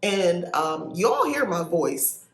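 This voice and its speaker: A woman in her forties with a nasal South Jersey accent, telling a story to her podcast listeners in a chatty, animated way. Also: lowish voice, takes it slowly. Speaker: podcast host. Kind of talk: casual storytelling monologue. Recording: echoey room.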